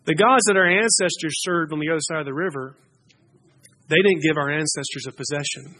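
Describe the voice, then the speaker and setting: A man's voice: a little high, brisk, bright, forceful tone, slight background noise. A man preaching a sermon to his congregation, emphatic, pushing key phrases upward as he builds his points.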